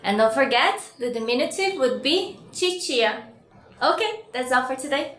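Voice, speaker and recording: A Brazilian woman with a Brazilian Portuguese accent teaching Portuguese words, cheerfully repeating each word slowly and giving its English meaning. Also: sits high, lively intonation, fairly bright tone. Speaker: language teacher. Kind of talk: bilingual vocabulary lesson. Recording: echoey room with faint noise.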